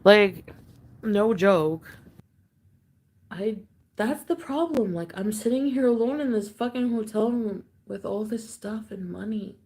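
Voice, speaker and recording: A woman's voice: mid-range voice, a little slow, a little mellow. A young woman talking on a livestream, rambling and repeating herself, swearing freely as she goes. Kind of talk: livestream chat.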